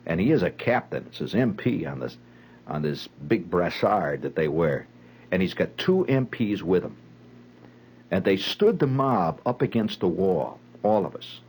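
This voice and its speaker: A man's voice: sits low, darkish tone, slightly rough, poor audio. A man telling a dramatic personal story in a vivid, conversational way. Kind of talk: spoken storytelling monologue.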